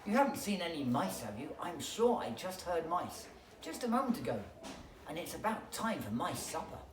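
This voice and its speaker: A reader voicing a hungry, polite owl hunting mice, in a slow, courteous voice. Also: medium pitch, big pitch swings, pitched above the performer's own voice, natural voice. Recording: echoey room, distant mic, background noise.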